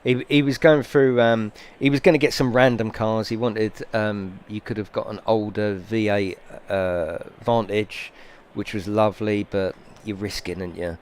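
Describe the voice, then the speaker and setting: A man's voice: lowish voice, steady tone, moderate pace, a little mellow, a little hiss or hum. A middle-aged British man chatting casually on a sim racing stream, a rambling, sweary storyteller who grows heated. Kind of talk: casual live-stream chat.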